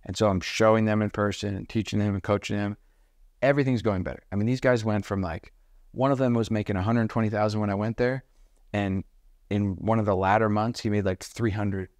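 Male podcast guest, low voice, brash and profane, animated storytelling, dry studio sound. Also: brisk, no echo. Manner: energetic, profane, acts out the people in his stories. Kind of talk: casual storytelling interview.

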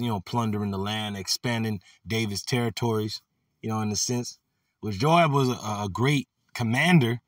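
A man preaching a casual, animated sermon, reading Bible verses and adding slangy asides. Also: medium pitch, no echo, clean studio sound, distant mic. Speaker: preacher teaching scripture.

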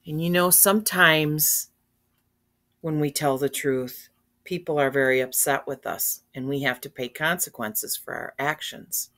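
Older woman, unhurried and gentle, reads picture books to kids and talks to them directly. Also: low voice. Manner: gentle, earnest, speaks directly to children with questions. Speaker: storyteller reading to children. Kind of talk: children's story read-aloud.

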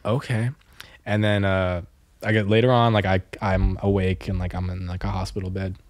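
A man's voice: deep voice, level tone, moderate pace, no room sound. A young man co-hosting a podcast, telling rambling stories in casual chat with lots of fillers and laughter. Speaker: podcast co-host.

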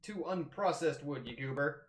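A young man hosting a casual gaming session, playfully melodramatic, swinging into loud mock outrage and laughter. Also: a little high, animated, normal speed, roomy sound. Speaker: gaming channel host.

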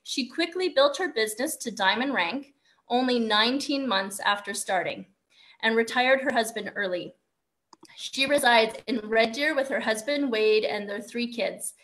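A woman's voice: on the high side, normal speed, fairly bright tone. A woman host on a group call reading an upbeat introduction for the next speaker.

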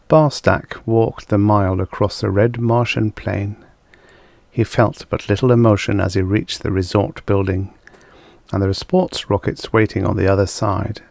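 A man narrating vintage science fiction stories in a measured, dramatic storytelling manner. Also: on the low side, vocal fry, darkish tone, dry recording. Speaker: audiobook narrator.

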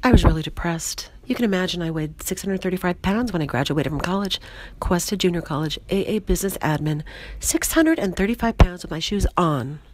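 A hoarse woman doing a bubbly goofy flirt. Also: fairly low pitch, brisk, pitched above the performer's own voice. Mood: chatty. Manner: bubbly, chatty and excitable. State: hoarse, voice mostly lost.

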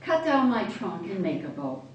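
A woman reading the part of a gentle old female apple tree, soft and pleading. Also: mid-range voice, sing-song, moderate pace, muffled recording, a little hiss or hum, lightly acted. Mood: tender. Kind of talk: reading a children's story aloud. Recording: echoey room from far off.

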